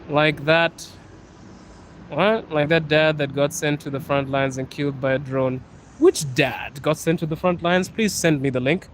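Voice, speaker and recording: A young man hosting a relaxed livestream out on a city street, his voice sitting a little high for a man. He reads viewer comments aloud in a playful, teasing way and laughs often. City traffic rumbles clearly behind his phone mic. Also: unhurried, rough recording. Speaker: livestream host. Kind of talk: casual live-stream chat.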